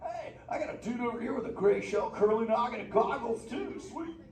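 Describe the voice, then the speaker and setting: Brief: a high, bouncy surfer-dude sea turtle with a lazy drawl; echoey theater, heard from a distance. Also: male voice, expressive, brisk, background noise. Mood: playful. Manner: surfer slang, chill and playful. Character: laid-back surfer sea turtle, male, young. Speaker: live interactive show character. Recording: echoey theater recorded from far off.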